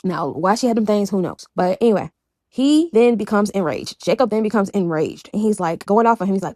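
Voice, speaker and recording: A woman's voice: medium pitch, expressive, fast talker, a little mellow, no room sound, clean studio sound. A woman casually retelling a bible story in a chatty, digressive way, full of asides. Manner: chatty, digressive, fillers like "you know".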